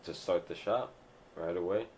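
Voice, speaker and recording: A man's voice: deep voice, moderate pace, a little mellow, breathy edge. A man, a mechanic guest, talking laid-back and slangy in short phrases. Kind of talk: casual chat.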